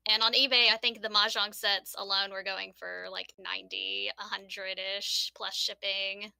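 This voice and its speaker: A woman in a casual group voice call, chatting excitedly and laughing about a collectible she got in the mail. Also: mid-range voice, normal speed, vocal fry, clear, resonant tone, dry recording, low-quality recording. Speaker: book club member.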